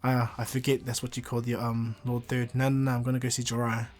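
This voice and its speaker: A man voicing a calm, teasing older-brother ninja, a young man. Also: mid-range voice, fast talker, soft background music, close to an everyday voice.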